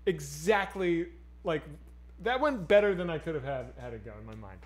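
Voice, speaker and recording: A man co-hosting a casual streamed chat, excitable and swearing freely. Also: fairly high pitch, moderate pace. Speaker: podcast co-host.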